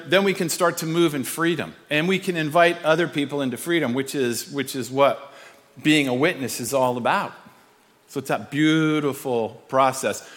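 A man's voice: on the high side, a bit bright, big-room sound. A man preaching a sermon in a church, talking in a casual, conversational way with frequent restarts. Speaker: pastor. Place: church sanctuary.

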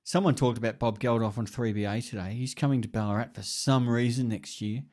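A man's voice: medium pitch, fairly even intonation, fairly quick, darkish tone. A middle-aged man talks in a loose, rambling way. He wanders through stories, drops swear words casually and laughs at himself mid-sentence. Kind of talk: casual chat.

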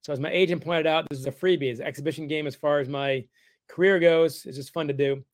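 Middle aged author guy telling stories, wry and animated, slightly high voice, dry sound. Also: quick pace, no room sound. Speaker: guest author. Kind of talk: casual interview chat.

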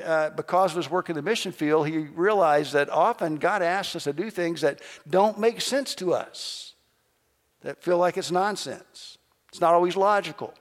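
Animated preacher in a reverberant hall. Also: male voice, fairly high pitch. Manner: animated storyteller acting out quoted voices. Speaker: pastor. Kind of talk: sermon storytelling.

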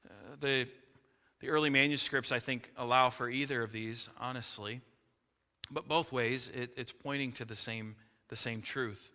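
A man preaching a sermon as pastor, emphatic, swinging from loud peaks to low, quiet asides. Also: steady tone, normal speed, big-room sound.

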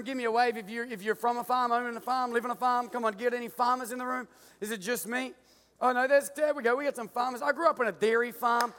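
A man with an Australian accent preaching a sermon with playful jokes and an animated stage illustration in a large church auditorium. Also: sits high, in a large hall. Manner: playful, joking, animated with the crowd. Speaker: pastor.

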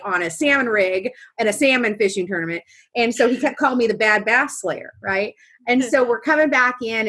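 Husky-voiced woman telling stories. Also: mid-range voice. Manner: animated storyteller, frequent "right?" and "you know". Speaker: guest, veteran fishing trip volunteer. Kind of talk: casual podcast conversation.

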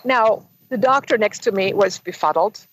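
A woman guest in an interview, telling a long personal story in an animated way and acting out the quoted dialogue. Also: medium pitch, moderate pace, slight background noise, rough recording. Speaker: guest author.

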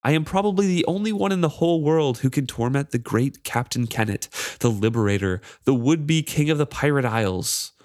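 A man's voice: medium pitch, animated, moderate pace, hardly any pauses, darkish tone, no room sound, studio quality, voice pushed up, close to an everyday voice. A man voicing a cruel, mocking wooden charm that taunts a pirate captain, in a raised, sneering voice.

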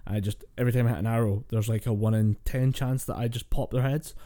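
A man's voice: medium pitch, fairly even intonation, fast, dark tone. A man co-hosting a casual gaming podcast, telling stories in a rambling way with laughs, swears and restarts. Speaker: podcast co-host.

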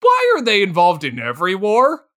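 A man's voice: sits high, huge pitch swings, normal speed, bright, forceful tone. A man co-hosting a podcast, rambling in a casual, comedic way, laughing and acting out lines in silly voices. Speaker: podcast co-host.

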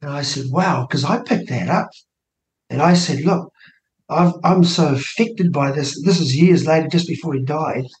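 A man in his sixties with a New Zealand accent, telling personal stories as a guest and acting out quoted dialogue in a lively voice. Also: fairly high pitch, normal speed. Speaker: interview guest, minor party co-leader. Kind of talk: animated personal storytelling. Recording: roomy studio echo.

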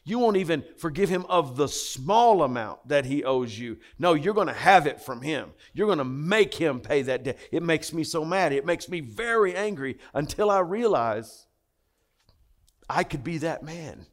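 A man's voice: fairly high pitch, expressive, moderate pace. A man preaching a sermon, impassioned and emphatic, with frequent repetitions. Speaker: pastor.

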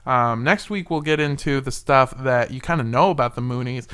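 A man's voice: mid-range voice, normal speed, sharp tone, smooth. A man hosting a casual podcast, telling a story, reading quotes aloud and laughing easily. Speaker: podcast host.

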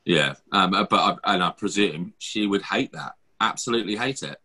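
A man's voice: sits low, moderate pace, bright, forceful tone, husky. A man hosting a podcast, chatting casually and rambling with lots of fillers and restarts. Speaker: podcast host. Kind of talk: casual chat.

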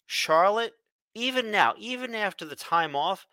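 Male co-host, opinionated and emphatic, bright, clear voice, dry sound. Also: high-pitched, expressive, measured pace, dry recording. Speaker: podcast co-host. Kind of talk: casual wrestling podcast chat.

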